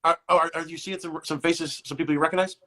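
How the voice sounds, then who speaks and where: A man's voice: a little high, steady tone, fast talker, sharp tone. A man hosting a casual live-stream interview, rambling and joking with many restarts. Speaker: talk show host.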